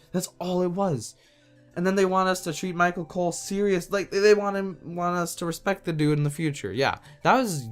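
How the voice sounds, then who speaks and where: A man hosting his own podcast, ranting in an exasperated, casual, slangy way. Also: a little high. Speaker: podcast host. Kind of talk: solo wrestling podcast rant.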